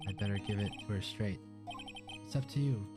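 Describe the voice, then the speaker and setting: A man's voice: on the low side, brisk, close to an everyday voice. A man voicing a young male defense lawyer who narrates in a plain, matter-of-fact way, over game music.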